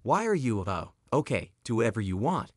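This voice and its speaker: A man voicing a gruff male shop guard who mutters dismissively in a spoken story. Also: mid-range voice, very animated, fairly quick, a little mellow, no echo, studio quality. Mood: irritated.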